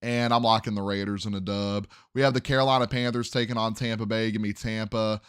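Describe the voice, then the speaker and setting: A man's voice: lowish voice, fairly even intonation, brisk, a bit bright, smooth, no echo, clean studio sound. A young man hosting a sports podcast, casually running through game predictions and thinking aloud as he second-guesses his picks.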